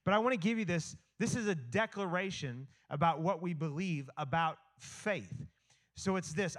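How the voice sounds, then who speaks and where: High-voiced preacher rambling casually. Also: male voice, expressive, moderate pace, fairly bright tone. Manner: rambling, conversational, with many fillers and restarts; playful asides to the congregation. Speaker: pastor. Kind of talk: sermon. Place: church hall with a live congregation. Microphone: handheld microphone.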